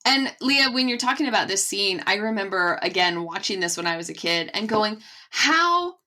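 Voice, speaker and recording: A woman's voice: medium pitch, a little fast, pushed and bright. A woman historian who is a podcast guest, chatting casually and playfully as she reminisces.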